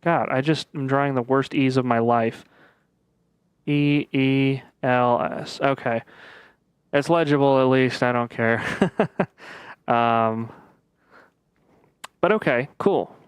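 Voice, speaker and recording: A man giving casual let's-play commentary as he plays a puzzle game, thinking aloud with frequent pauses and fillers. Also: medium pitch, clear, resonant tone, dry recording. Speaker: gaming video creator.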